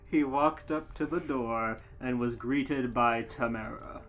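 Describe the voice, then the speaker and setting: A man reading comic fan fiction aloud on a podcast, halting and stumbling over the words. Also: medium pitch, fairly bright tone, soft background music.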